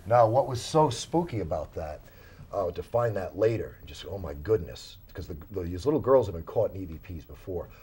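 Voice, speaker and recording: Guest investigator, male, low husky voice, animated storyteller, studio chat. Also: moderate pace. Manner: animated storyteller, many fillers and restarts. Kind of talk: casual interview storytelling. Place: small studio.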